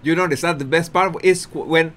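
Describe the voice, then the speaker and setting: A man's voice: on the high side, fairly quick. A man giving casual commentary on a video clip, repeating words and restarting often. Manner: repetitive, restarts often, animated with laughter.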